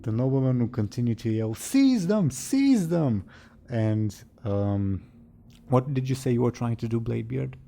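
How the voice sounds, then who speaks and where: A man's voice: mid-range voice, steady tone, normal speed, vocal fry, warm tone. A man running a tabletop game as game master, often chuckling and trailing off into muttered asides.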